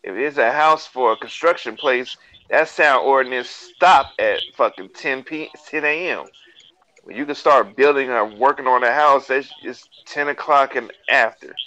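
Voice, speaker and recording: A man's voice: mid-range voice, moderate pace, pushed and bright. A man co-hosting a casual podcast chat, rambling loosely and cursing heavily. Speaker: podcast co-host. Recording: dull lo-fi sound.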